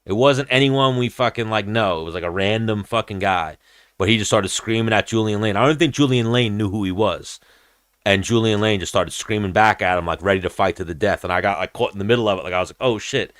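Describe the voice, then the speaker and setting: A man's voice: fairly low pitch, quick pace, a bit bright, dry recording, clean studio sound. A young man hosting a podcast, telling a long, profane story in casual chat and acting out the people in it. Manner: rambling, profane, acts out quoted voices. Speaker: podcast host.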